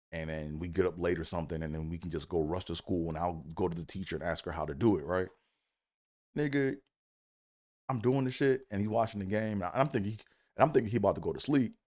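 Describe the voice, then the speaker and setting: Man telling a profane comic story. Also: on the low side. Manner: profane, animated, acts out quotes in a raised voice. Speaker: comedic storyteller. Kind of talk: casual storytelling monologue.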